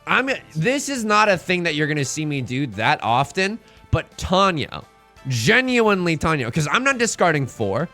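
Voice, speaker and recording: A man streaming a mahjong game and bantering with his chat in a hyped, self-mocking way, building up jokes and reacting loudly to risky plays. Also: on the high side, sing-song, moderate pace, soft background music. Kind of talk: live-streamed mahjong commentary.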